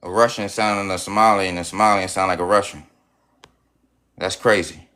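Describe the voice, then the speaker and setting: A man's voice: low voice, steady tone, a little fast, bright, forceful tone. A man hosting a casual livestream chat with callers. He is insistent, repeats himself and keeps cutting in. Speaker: livestream host.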